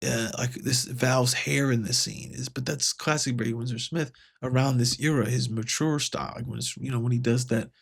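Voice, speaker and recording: Man host talking through a comic, gravelly, mid-pitched, loose and rambling. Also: fairly even intonation, normal speed, hardly any pauses. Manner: rambling, many fillers and restarts; paraphrases dialogue in a lightly raised voice. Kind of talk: casual comic book review.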